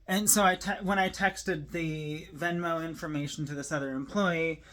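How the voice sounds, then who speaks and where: A woman telling a personal story to camera, emotional and near tears, talking in a halting, rambling way with many fillers and restarts. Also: low-pitched, steady tone, fairly bright tone.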